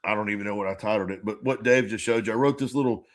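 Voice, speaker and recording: A man co-hosting a podcast in casual chat, rambling and halting, full of restarts and swearing. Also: lowish voice. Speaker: podcast co-host.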